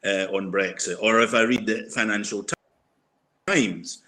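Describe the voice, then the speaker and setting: An older man, a guest columnist, talks in a casual podcast discussion with a lowish, bright, forceful voice at an unhurried pace. He's hesitant, full of fillers and restarts.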